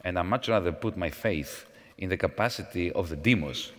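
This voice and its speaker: A man speaking as a panel guest at a conference, in a measured, professorial manner with false starts. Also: low voice, a bit bright. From Greece. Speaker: panel guest, former finance minister. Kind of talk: onstage panel conversation. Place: large conference hall. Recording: long hall reverb.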